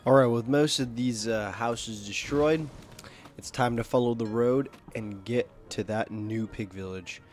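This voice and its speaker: A man's voice: medium pitch, unhurried, soft background music. A young man giving casual, rambling gameplay commentary at home, swearing often and full of fillers and restarts. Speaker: gaming video creator. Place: home, at his computer.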